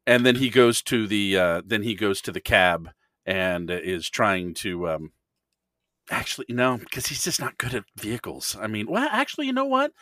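Lively, bright-voiced man playing a tabletop game. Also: on the low side, moderate pace, no room sound. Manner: animated, laughing, rambling. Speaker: player.

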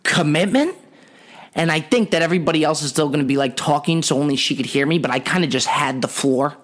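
A podcast host spins a comic story about himself. He rambles and is wry, in a voice pitched a bit higher than most men's. The delivery is loose and animated. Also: quick pace. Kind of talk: comedic storytelling monologue.

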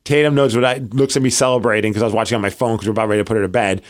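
A man's voice: lowish voice, steady tone, very fast. A man in his thirties co-hosting a podcast in casual chat, upbeat and plugging his own shows. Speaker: podcast co-host.

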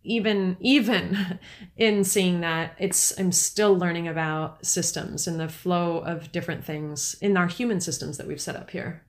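A woman's voice: on the low side, fairly even intonation, a little slow. A woman hosting a podcast, thinking aloud in a reflective, casual way. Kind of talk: casual chat.

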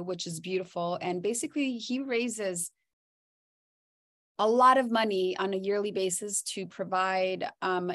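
A woman co-host chatting on a casual podcast. She tells stories with animation and leaps into high, laughing bursts at the funny parts. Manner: animated storyteller, jumps to high squeals when laughing. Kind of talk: casual chat.

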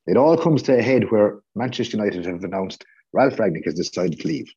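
A man ranting sarcastically on a fan podcast, animated and swearing freely. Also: fairly low pitch, fairly quick, slightly rough. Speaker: podcast co-host. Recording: slightly dull lo-fi audio.

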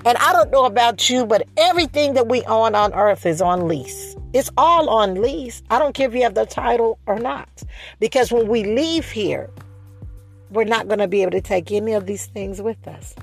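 A woman preaching a sermon, speeding up and slowing down, stressing and repeating her phrases. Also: fairly high pitch, lively intonation, creaky, faint music behind. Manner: preaching with shifting pace, rising emphasis and repeated phrases.

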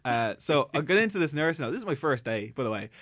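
A man's voice: a little high, sing-song, fast talker, a bit bright, no echo, studio quality. An Irish man telling a rambling comic story on a podcast, acting out the people in it. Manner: rambling anecdotal, acts out quoted people.

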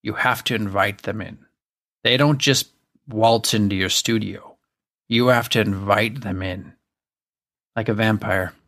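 A gruff older painting professor with a thick Boston accent lectures sternly about what it takes to be an artist, as a man puts him on. His voice sits low. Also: steady tone, a little slow, long pauses, a bit bright. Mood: lecturing.

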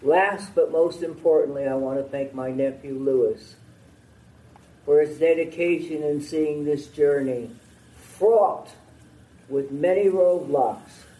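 Slow, earnest older man giving a speech. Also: a little high, fairly even intonation, warm tone, echoey room, far from the mic, poor audio. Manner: slow, measured and heartfelt. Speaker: speaker at a memorial ceremony. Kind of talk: formal prepared speech.

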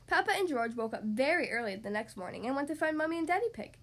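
A woman hosting a podcast, reading a children's story aloud in a cheerful, expressive way. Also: sits high, fast.

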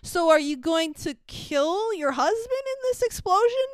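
A woman co-hosting a casual podcast, recapping a movie in an animated way, swearing freely and acting out lines. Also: very high-pitched, normal speed, no echo. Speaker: podcast co-host.

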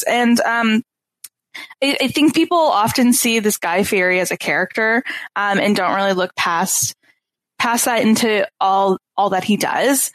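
Casting note: twenties woman, podcast guest, earnest and nostalgic, bright-ish pitch, very dry sound. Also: dry recording. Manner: earnest, nostalgic, with frequent ums and laughs. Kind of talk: casual podcast chat.

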